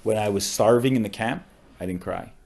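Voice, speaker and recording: Rabbi guy on a podcast, fairly deep voice, telling a heavy story with lots of feeling, says "like" a lot. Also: fairly quick, creaky, darkish tone. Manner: emotional storyteller with frequent "like" fillers.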